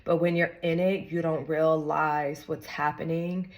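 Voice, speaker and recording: Earnest woman vlogger, slightly low voice. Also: level tone, unhurried. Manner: earnest and encouraging, casual slang. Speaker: vlogger sharing a personal story. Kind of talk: heartfelt talk to camera.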